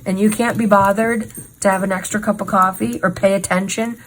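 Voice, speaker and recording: A woman's voice: mid-range voice, fairly even intonation, brisk, slight background noise, low-quality recording. Indignant woman hosting a crafting chat. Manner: indignant, sarcastic, emphatic. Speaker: host. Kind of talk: casual true crime chat while crafting.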